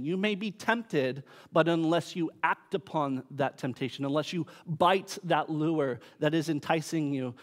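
A man preaching a sermon, emphatic, with his force rising and falling. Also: fairly high pitch. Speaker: pastor.

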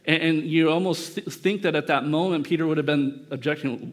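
A man's voice: a little high, brisk, hardly any pauses. A male pastor preaching a sermon in a conversational way, acting out the quoted speakers as short bits of dialogue.

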